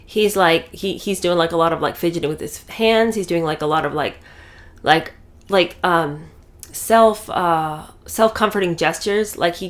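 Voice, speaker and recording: A woman giving casual, sarcastic commentary, talking animatedly with many fillers and restarts. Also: lowish voice.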